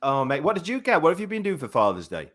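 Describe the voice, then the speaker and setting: A man's voice: fairly high pitch, wildly swooping pitch, fast talker, fairly bright tone. A man in his thirties hosting a live boxing talk show, chatty and rambling with many fillers. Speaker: boxing show host and commentator.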